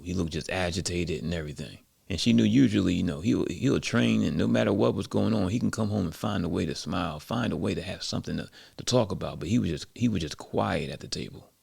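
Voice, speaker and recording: A man's voice: low-pitched, vocal fry, darkish tone, slightly rough. A man telling a story casually, with lots of conversational fillers.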